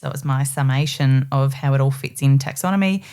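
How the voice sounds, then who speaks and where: A woman with a notably low voice recaps a list of points on a casual panel chat. Her manner is jokey and quick with quips. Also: mellow.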